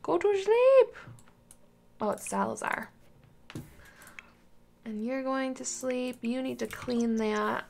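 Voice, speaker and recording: She's a gaming channel host with a slightly high voice full of gravelly vocal fry, talking slowly and steadily with long pauses against slight background noise. While casually commenting on a life sim, she coaxes and scolds the characters like small children.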